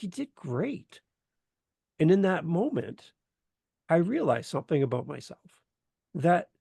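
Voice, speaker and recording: A man from Canada, a podcast guest telling a lively story and acting out the voices in it. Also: a little high, creaky, no room sound, studio quality. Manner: animated, acts out voices in anecdotes. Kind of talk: enthusiastic storytelling in interview.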